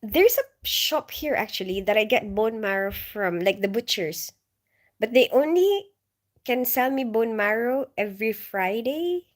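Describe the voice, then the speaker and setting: A woman's voice: a little high, expressive, measured pace. A woman in her forties with a Filipino accent, chatting on a casual livestream, telling stories and answering viewers. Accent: Filipino English. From Philippines. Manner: chatty storyteller, giggles often, reads chat comments. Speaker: livestream host.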